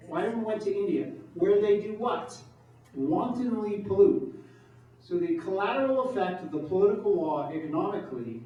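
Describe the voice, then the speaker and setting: Man, campaign speech, emphatic, mellow tone, dull distant recording. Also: high-pitched. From New York. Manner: emphatic, asks rhetorical questions. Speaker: political candidate. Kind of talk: campaign speech with audience questions. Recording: distant mic, echoey room, dull sound.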